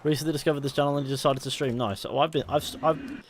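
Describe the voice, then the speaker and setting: Brief: young streamer, rambling and excitable, headset mic, faint hiss behind. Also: male voice, a little high, quick pace. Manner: chatty, rambling, self-correcting, excitable. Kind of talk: casual live game stream chat.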